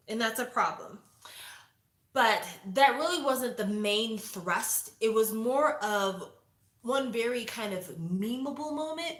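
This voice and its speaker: A woman in her forties reviews a show for her viewers, chatting casually in a lively, opinionated way and acting out quotes. Her voice is on the high side. The room is echoey.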